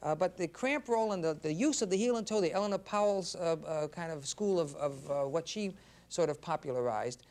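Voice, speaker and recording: A man interviewing a dancer in a relaxed, halting way, often pausing and restarting his sentences. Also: on the high side. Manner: halting, many fillers and restarts. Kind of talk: casual interview.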